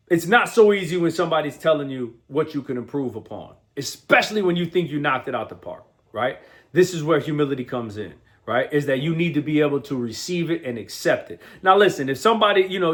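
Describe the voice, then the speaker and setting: Higher-pitched man, energetic motivational host. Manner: energetic, slangy, keeps asking "right?"; restarts and repeats words often. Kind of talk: motivational talk.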